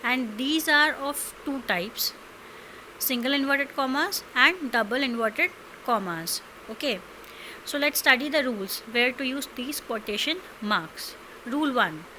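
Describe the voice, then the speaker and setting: A woman teacher with an Indian English accent explaining grammar rules slowly, checking understanding with frequent questions. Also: high-pitched, expressive, sharp tone, slight background noise, low-quality recording. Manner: slow, explanatory, repeats and quizzes with "understood?". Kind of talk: classroom grammar lesson.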